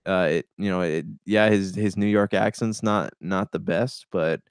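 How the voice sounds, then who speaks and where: Low-voiced relaxed dude chatting about movies, lots of uh and man, dry sound. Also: normal speed, clear, resonant tone, dry recording. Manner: laid-back, hesitant, many "uh" and "man". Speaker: movie podcast co-host. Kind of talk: casual movie review chat.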